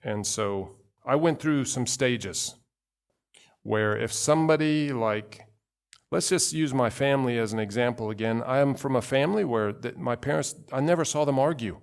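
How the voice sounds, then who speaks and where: A man's voice: medium pitch, normal speed, creaky, smooth. A male pastor giving a conversational sermon, telling personal stories with asides and acting out quoted voices.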